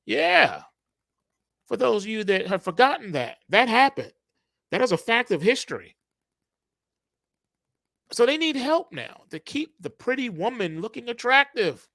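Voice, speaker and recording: Animated, gravelly-voiced man riffing on markets. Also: high-pitched, no room sound, studio quality. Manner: animated, streetwise slang, playful storytelling. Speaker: trading channel host. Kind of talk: casual market commentary told through slangy analogies.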